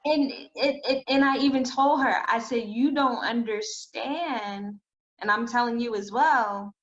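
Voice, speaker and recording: Female podcast host, somewhat high voice, gushing and emotional, dull lo-fi audio. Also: steady tone, moderate pace. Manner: effusive, emotional, gushing praise. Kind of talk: casual conversation.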